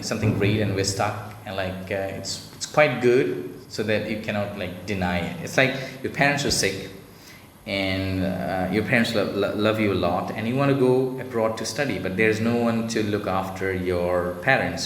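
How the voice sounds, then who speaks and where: A male teacher with an Indian English accent explaining a story to students, loosely paraphrasing with many fillers. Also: fairly low pitch. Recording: echoey room with long reverb, faint noise.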